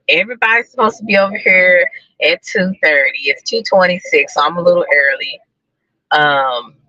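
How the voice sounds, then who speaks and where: Parked outside a building, a woman live-streams casual talk to her viewers in a low but pushed and bright voice. The audio is dull and echo-free as she chats freely, repeating herself and laughing a lot.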